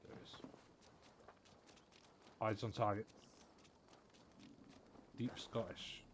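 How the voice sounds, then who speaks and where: A man's voice: lowish voice, steady tone, takes it slowly, slight background noise. A man giving jokey commentary while he plays a video game, muttering asides. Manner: jokey, mutters asides and puts on silly voices. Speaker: streamer. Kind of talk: casual gameplay commentary.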